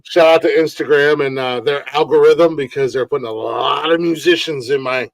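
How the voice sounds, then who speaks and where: A man's voice: on the high side, moderate pace, creaky, no echo, rough recording. A man hosting a casual comedy news stream. He swears freely and rambles with lots of fillers. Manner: profane, rambling with many fillers. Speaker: podcast host. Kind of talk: casual livestream chat. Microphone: desk mic on a live stream.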